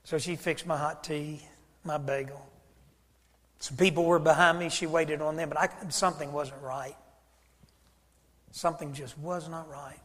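A man's voice: a little high, steady tone, unhurried, long pauses, fairly bright tone. A man pastor, preaching a sermon and acting out both sides of a conversation as he tells a story. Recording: church hall reverb.

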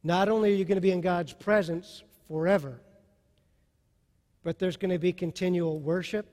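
A male pastor preaching a sermon with passion, dropping soft and then rising to loud. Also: sits high, steady tone, moderate pace, in a large hall.

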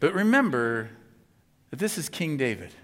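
A man's voice: on the high side, sing-song, moderate pace, a bit bright. Chatty male pastor in an echoing hall. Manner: casual, chatty, many asides and tag questions. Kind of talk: conversational sermon. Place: church sanctuary. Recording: long hall reverb.

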